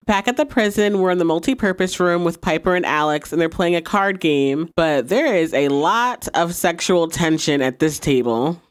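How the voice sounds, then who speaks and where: A woman hosting a rewatch podcast in a slightly low voice. She talks in a casual, animated way, acting out lines from the episode and dropping in playful personal asides. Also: normal speed, hardly any pauses, clear, resonant tone. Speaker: podcast host recapping a TV episode. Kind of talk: casual recap, acting out quotes.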